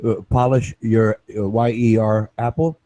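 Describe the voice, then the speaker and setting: A man's voice: on the low side, flat delivery, measured pace, warm tone, dry recording. A man hosting a casual online chat, rambling with many restarts and tag questions like "right?". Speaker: show host.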